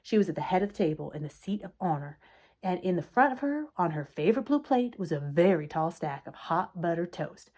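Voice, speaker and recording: A woman telling a children's story aloud in a clear, expressive way. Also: on the low side, a little fast. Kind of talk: children's book read-aloud.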